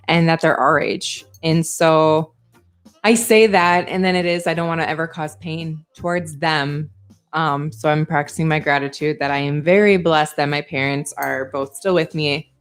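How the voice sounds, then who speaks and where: A woman co-hosting a podcast, talking in a sincere, reflective way. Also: low voice. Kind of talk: casual podcast chat.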